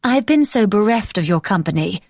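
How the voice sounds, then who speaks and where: Brief: falsely gracious young society lady for an audiobook, bright and high-pitched, voiced by a woman narrator. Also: lively intonation, normal speed, gravelly, no room sound, studio quality. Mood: gushing, sly. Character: poised, scheming young Regency society lady. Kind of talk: audiobook character voice.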